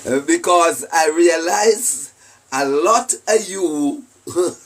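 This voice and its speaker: A man's voice: fairly high pitch, slow pace, a bit bright, distant mic. A Jamaican man giving a rambling, preachy monologue full of rhetorical questions and mocking laughter. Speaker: self-styled spiritual commentator.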